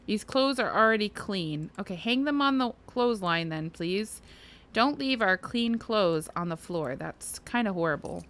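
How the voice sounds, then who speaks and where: A woman's voice: medium pitch, expressive, unhurried, fairly bright tone. Chatty, giggly woman narrating her gameplay. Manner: chatty, giggly, talks to her game characters. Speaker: gaming video host. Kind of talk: casual let's-play commentary.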